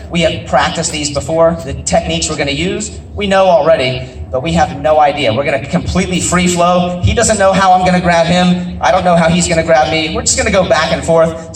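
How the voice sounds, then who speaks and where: Man explaining a martial arts demo. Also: a little high. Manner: plain, matter-of-fact explaining. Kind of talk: explaining a live demonstration to a crowd. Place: outdoor festival. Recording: echoey, distant, faint outdoor noise.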